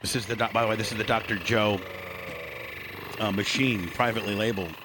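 A man's voice: on the low side, steady tone, a little fast, background noise. A man hosting a casual show, teasing a guest and joking while talking in restarts and asides. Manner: teasing, rambling with many restarts. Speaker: show host.

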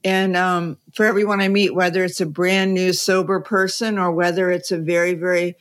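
On a conversational podcast, a female guest tells stories in a chatty way, laughing as she goes. Her voice sits on the low side with little pitch movement, at a normal speed.

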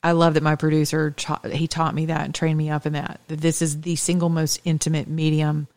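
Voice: mid-range voice, monotone, a little fast, a little mellow, dry recording. A talk radio host delivering an emphatic, scornful opinion monologue on a close studio mic. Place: Atlanta area.

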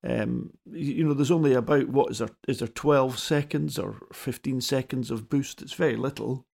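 A man giving halting, considered opinions as a pundit in a panel chat, with many restarts. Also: mid-range voice, gravelly, a little mellow.

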